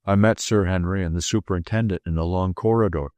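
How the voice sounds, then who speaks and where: In a steady, measured first-person reading, a male audiobook narrator with a lowish voice tells a classic detective story. The recording is dry and close-miked, with no room echo.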